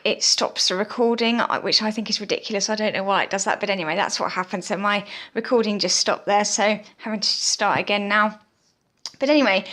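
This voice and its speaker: A woman's voice: mid-range voice, fairly bright tone. A woman hosting a gaming channel, giving chatty mobile game commentary with lots of ums and frequent asides to viewers as "guys". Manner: chatty, filler-heavy, addresses viewers as guys.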